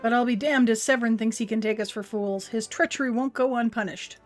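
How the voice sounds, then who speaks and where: A woman's voice: on the high side, steady tone, a little fast, soft background music, natural voice. A woman reading the lines of a stern farm overseer from a video game aloud, in an old-fashioned rustic way. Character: stern farm overseer vowing to punish a rogue.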